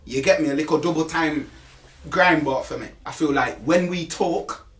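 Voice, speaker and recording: A man's voice: a little high, moderate pace, fairly bright tone. A young man, a grime MC answering interview questions casually in street slang, often tagging on "you get me" and repeating words as he starts. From England.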